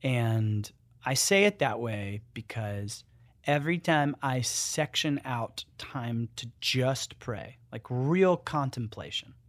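A man, a guest author and musician, talking in an animated, joking yet earnest way in a casual conversation. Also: medium pitch, takes it slowly, no room sound, studio quality.

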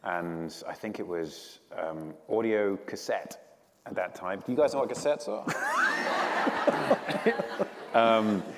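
A man in his thirties, an actor, chatting in a relaxed, self-deprecating way in an interview and laughing often. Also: lowish voice, takes it slowly, pauses often, slight background noise. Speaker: actor guest. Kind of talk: casual promotional interview. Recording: roomy reverb.

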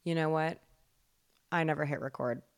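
A young woman co-hosting a casual podcast chat, dramatic and self-mocking, swearing often and jumping into high exclamations. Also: fairly even intonation, moderate pace, creaky, no echo. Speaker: podcast co-host.

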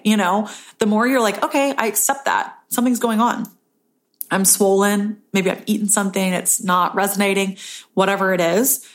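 A woman hosting a casual solo podcast, talking earnestly about self-love and often tagging her points with "right?". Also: a bit bright. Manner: earnest, self-help tone, frequent "right?" tag questions; acts out inner voices in a higher pitch. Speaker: podcast host.

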